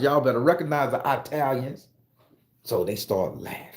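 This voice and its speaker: A man telling an animated, profane story as a monologue, acting out the voices of the people in it and jumping into high, excited tones. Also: moderate pace, echoey room. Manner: acts out voices in his story, swings into high excited pitch. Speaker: commentator on social media channel.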